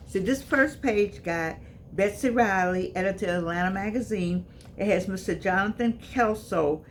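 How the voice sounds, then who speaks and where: A woman's voice: medium pitch, slight background noise. An older woman from the United States, hosting her own channel and talking casually to viewers with a repetitive, preacher-like cadence. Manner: chatty, preacher-like cadence, repeats phrases. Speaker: author and channel host.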